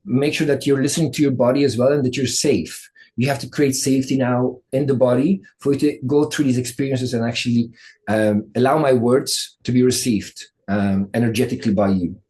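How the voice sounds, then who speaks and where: A man leading a guided breathwork meditation as coach, speaking slowly and soothingly with many pauses. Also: medium pitch, fairly even intonation, a little mellow.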